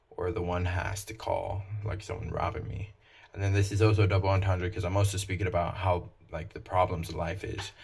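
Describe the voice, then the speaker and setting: Deep-voiced man, flat and unemotional. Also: gravelly, breathy edge. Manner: flat, low-emotion delivery with many fillers. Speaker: songwriter explaining his own lyrics. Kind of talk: casual spoken explanation.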